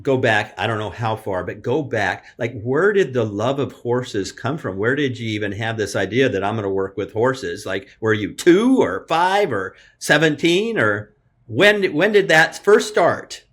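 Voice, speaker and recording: A man's voice: medium pitch, animated, unhurried, fairly bright tone. Man asking a guest casual questions. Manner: prodding, repeats himself while asking. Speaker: podcast host.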